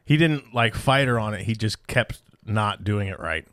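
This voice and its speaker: A man's voice: fairly low pitch, lively intonation, moderate pace, fairly bright tone, dry recording, clean studio sound. A man co-hosting a podcast, telling stories in an exasperated, swearing casual chat. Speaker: podcast host.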